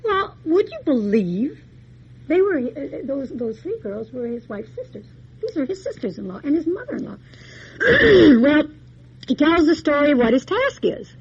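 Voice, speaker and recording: A woman's voice: sits high, very animated, moderate pace, dull audio. A woman lecturer retelling a fairy tale in a folksy, chatty way, full of homey asides. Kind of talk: storytelling lecture.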